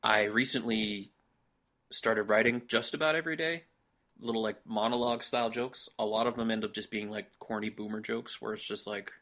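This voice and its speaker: A young man with a low voice, hosting a relaxed podcast chat. His tone is bright and a little forceful. He jokes easily and laughs often. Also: fairly quick. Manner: laid-back, laughs often, joking. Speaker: podcast host. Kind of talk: casual chat.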